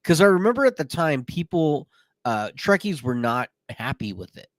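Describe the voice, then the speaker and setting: A man's voice: on the high side, normal speed, dry recording. Man chatting casually on a podcast. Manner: relaxed, frequent short agreements. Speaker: podcast co-host. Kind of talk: casual chat.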